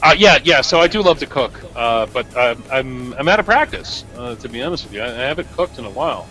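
Bright-voiced New Jersey man. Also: medium pitch, soft background music, low-quality recording. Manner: animated and talkative, quick asides. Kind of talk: casual live-stream chat.

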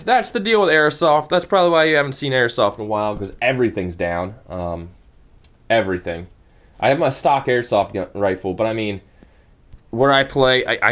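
A man's voice: medium pitch, fairly bright tone. A young man venting angrily and profanely about broken gear in a casual, rambling vlog. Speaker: vlogger.

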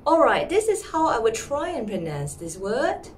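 A woman teaching pronunciation in a lesson, sounding out words slowly and repeating them with care. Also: fairly high pitch, sing-song, distant mic, a little hiss or hum. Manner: slow, careful, repeats words. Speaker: music teacher.

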